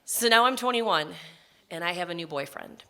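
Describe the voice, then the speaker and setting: A woman's voice: lowish voice, lively intonation, normal speed, bright, forceful tone, clear, resonant tone. A woman telling a personal story on stage, in a vivid, emotional present-tense retelling.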